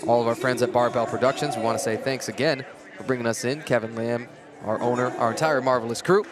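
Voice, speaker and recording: A man doing lively, joking play-by-play commentary on a livestream, chatty and excitable, a bit out of breath. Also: medium pitch, fast, crowd noise.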